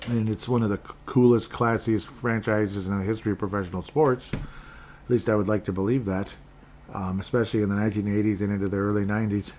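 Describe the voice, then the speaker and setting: A man's voice: lowish voice, steady tone, fairly quick, darkish tone, a little hiss or hum. A man from Minnesota hosting a sports podcast, rambling casually with sarcastic asides and frequent restarts.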